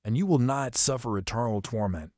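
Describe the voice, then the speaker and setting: A man voicing a menacing female Fury, a vengeful winged monster who hisses her threats slowly. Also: medium pitch, a little mellow, dry recording, clean studio sound, lightly acted.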